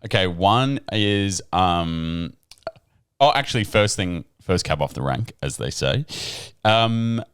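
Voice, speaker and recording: A young man co-hosting a podcast, with a very deep voice that still moves a lot in pitch. He reacts quickly and teases his co-host as they chat. The recording is dry and close to the mic. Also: animated, fairly bright tone, clear, resonant tone, no echo. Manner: reactive listener, teasing, quick affirmations. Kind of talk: casual chat.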